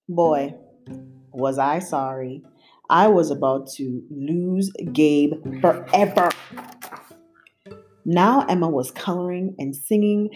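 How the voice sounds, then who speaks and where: A woman reads a picture book aloud, slow and expressive, her pitch rising and falling widely. Soft guitar plays faintly under her voice. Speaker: storyteller.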